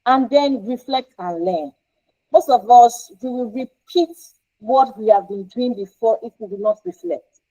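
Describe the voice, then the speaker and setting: A woman's voice: fairly high pitch, a little slow, warm tone, poor audio. A woman counsellor teaching parents in an informal, emphatic way, often repeating herself and checking in with "right?".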